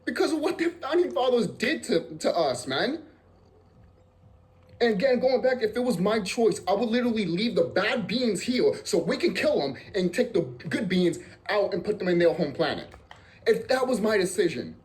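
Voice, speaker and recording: Profane, animated ranting vlogger. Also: medium pitch, moderate pace, poor audio. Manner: profane, emphatic, repeats phrases. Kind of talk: ranting monologue. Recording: clear background noise.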